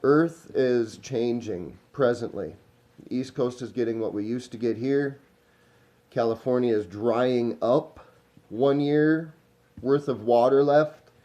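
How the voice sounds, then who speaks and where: A man's voice: medium pitch, takes it slowly, mellow. A man, rambling casually to camera in a vlog while smoking. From Minnesota. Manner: meandering, smoking while talking, trailing off. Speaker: vlogger.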